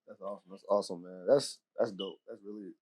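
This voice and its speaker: A man's voice: low voice, steady tone, fast, a little mellow. A man co-hosting a podcast in hyped, slangy casual talk. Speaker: podcast co-host.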